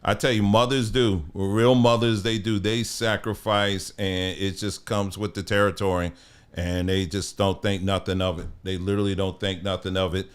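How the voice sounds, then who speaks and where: Lower-voiced male radio host. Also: flat delivery, normal speed. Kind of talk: casual talk radio.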